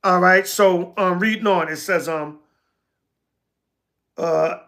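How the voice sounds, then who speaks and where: A man teaching scripture on a livestream. He reads verses slowly and carefully, then breaks off to answer commenters bluntly, repeating himself and calling them "brother". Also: high-pitched, steady tone, pushed and bright. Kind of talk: sermon mixed with casual replies to live chat.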